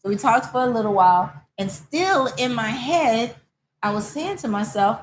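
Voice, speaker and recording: Animated woman telling stories in a salon. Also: on the high side, moderate pace, slight background noise, rough recording. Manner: animated storyteller, acts out quoted callers. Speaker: host. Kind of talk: casual chat. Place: hair salon.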